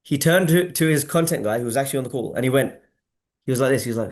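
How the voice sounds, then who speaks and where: A man's voice: medium pitch, rapid-fire. A man hosting a casual marketing webinar on a video call, talking emphatically and asking the audience to respond. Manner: animated, emphatic, asks audience for replies. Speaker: webinar host.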